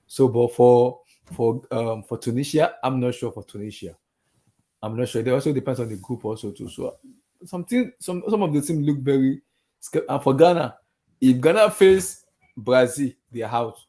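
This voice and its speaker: A man's voice: medium pitch, normal speed, mellow. Man, casual football chat, rambling, hesitant, filler words.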